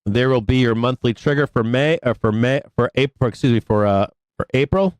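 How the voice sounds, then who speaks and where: Rambling, profane stock market host. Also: male voice, mid-range voice, a little mellow, clear, resonant tone, dry recording, poor audio. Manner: rambling, profane, fast bursts with many fillers. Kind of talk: casual live trading commentary.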